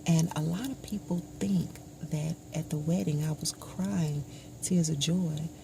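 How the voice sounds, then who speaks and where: A woman telling a personal story to the camera, slow and reflective, often dropping to a hushed voice. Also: low voice, fairly even intonation, vocal fry, noisy background. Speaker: vlogger.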